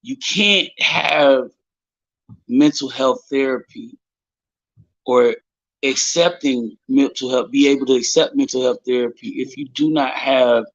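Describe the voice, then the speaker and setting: A man hosting a casual live-stream chat, talking in an animated, emphatic way and swearing often. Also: mid-range voice, measured pace, muffled recording. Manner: animated, profane, emphatic storytelling. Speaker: host.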